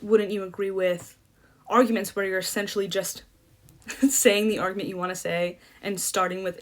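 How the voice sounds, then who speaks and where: A woman's voice: mid-range voice, level tone, moderate pace. Chatty young woman explaining debate tactics. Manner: chatty, self-deprecating, lots of fillers and restarts. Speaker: debate coach. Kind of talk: casual instructional explanation.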